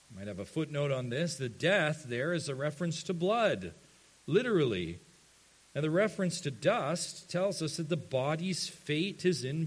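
A man preaching a sermon to his church, earnest, dropping to hushed tones and rising to emphatic ones. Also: mid-range voice, slightly rough. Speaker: pastor.

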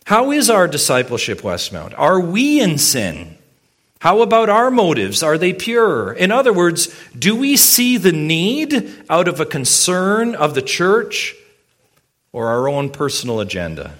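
A man's voice: a little high, huge pitch swings, a little slow, fairly bright tone. A male pastor preaching a sermon. He speaks emphatically, poses many rhetorical questions and addresses his congregation directly.

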